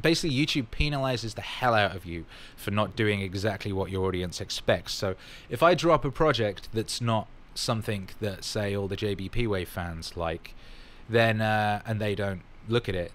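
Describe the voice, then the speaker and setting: A man's voice: fairly low pitch, moderate pace, few pauses, fairly bright tone. A man casually answering fan questions in his vlog, rambling and upbeat with plenty of fillers.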